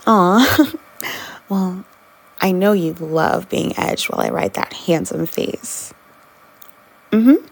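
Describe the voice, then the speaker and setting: A woman performing an intimate audio role-play, talking in a soft, teasing way with frequent giggles. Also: lowish voice, animated, slow pace, creaky, pauses often.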